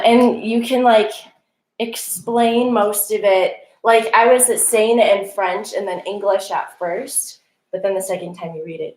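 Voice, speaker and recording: A woman's voice: mid-range voice, a little mellow, roomy sound, low-quality recording. A woman French teacher talking casually to colleagues at a training, filling her speech with "like" and acting out her students. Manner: chatty, lots of "like" fillers, acts out kids' voices.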